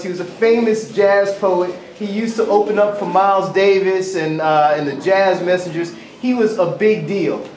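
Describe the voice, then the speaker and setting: A man performing spoken-word poetry and stories live on stage, with animated, rhythmic delivery and jokey asides. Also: high voice. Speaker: storyteller and spoken-word poet. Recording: echoey hall, distant mic.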